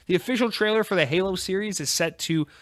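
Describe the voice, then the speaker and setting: A man's voice: high voice, fast talker, fairly bright tone, dry recording, clean studio sound. An American man hosting a solo gaming news podcast in a casual, sarcastic way, swearing freely. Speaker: podcast host.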